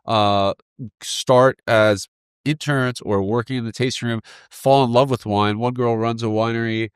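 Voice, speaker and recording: A man's voice: mid-range voice, steady tone, measured pace, clear, resonant tone, no echo, clean studio sound. A man, a winery co-founder, telling rambling stories in a casual interview. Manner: rambling storyteller, many fillers.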